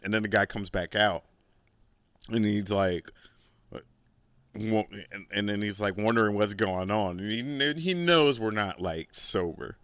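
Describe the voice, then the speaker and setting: This podcast host speaks at a moderate pace in a lowish voice that sounds pushed and bright, captured dry. His casual monologue wanders through a long tale, swearing freely, leaning hard on "like," and tossing in relaxed bragging.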